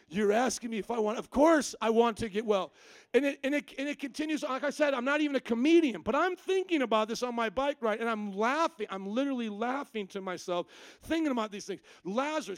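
A man preaching a sermon at a church service, telling Bible stories in a lively, humorous way and acting out the characters' lines. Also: very high-pitched, no echo. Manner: animated storytelling, acting out quoted lines with humor. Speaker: pastor.

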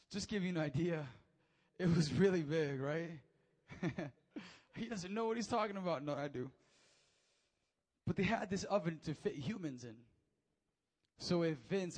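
A young man preaching a sermon from a church stage, animated and acting out the quotes as he tells the story. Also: a little high. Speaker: pastor. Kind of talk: lively sermon. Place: church stage before a congregation.

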